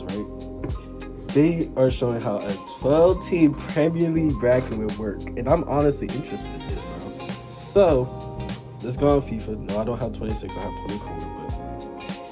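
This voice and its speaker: A young man giving casual, rambling commentary over his football video game, often saying "y'all" and "anyway", and getting excited over goals. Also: medium pitch. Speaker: gaming YouTuber. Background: background music.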